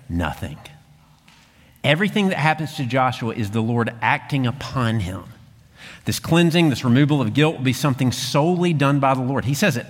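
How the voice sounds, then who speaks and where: A man preaches a sermon in a voice of middling pitch. He moves between hushed, quiet lines and strong, emphatic ones. A long reverb from a large church hall trails his words. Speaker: pastor.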